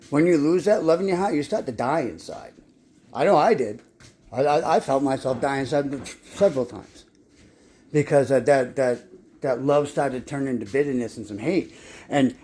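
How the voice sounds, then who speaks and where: A man's voice: a little high, darkish tone. Rambling, foul-mouthed man telling his life story. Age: adult. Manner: rambling, heavy swearing, frequent restarts and stammered repeats. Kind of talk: casual storytelling monologue.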